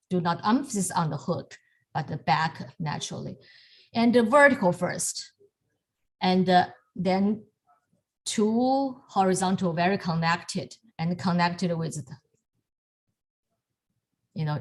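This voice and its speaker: A woman with a lowish voice teaches calligraphy over a video call at an unhurried pace. She talks in halting pieces and often stops to restart a thought. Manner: halting, many fillers and restarts, soft laughs. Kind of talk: online lesson demonstrating strokes.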